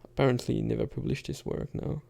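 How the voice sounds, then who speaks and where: A man's voice: mid-range voice, steady tone, fast talker, vocal fry, warm tone. A man in casual thinking-aloud commentary, muttering asides as he types and reads lines aloud while gaming. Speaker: gamer reading poetry into a game.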